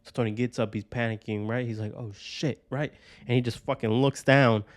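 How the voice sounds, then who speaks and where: A man from Georgia talks on his own podcast in a loose, rambling flow. He swears constantly and checks in with "right?" every few lines. His voice sits at an ordinary middle pitch and sounds close and dry, with no room sound around it. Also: steady tone, a little fast, no room sound. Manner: rambling, profane, keeps tagging lines with "right?". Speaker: podcast host. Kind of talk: casual personal monologue.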